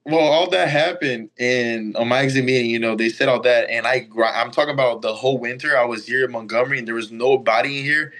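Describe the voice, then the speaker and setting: A young man from Brazil, telling stories as a guest in a casual interview, animated and full of "like" and "you know". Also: mid-range voice, fast talker, hardly any pauses. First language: Portuguese. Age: young adult. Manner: animated, acts out quoted lines, filler-heavy. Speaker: college baseball player, guest. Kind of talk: casual storytelling.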